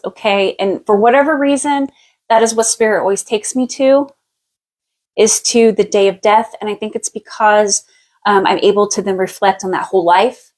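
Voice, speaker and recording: A woman in a mid-range voice leads a live past-life reading as a psychic. She talks casually and thinks out loud as she goes, often trailing off and starting again. Her tone is easygoing and she laughs readily. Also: medium pitch, rough recording. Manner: thinks aloud in a halting way, with many fillers and restarts; relaxed and chatty, laughs easily. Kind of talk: live-stream spiritual reading.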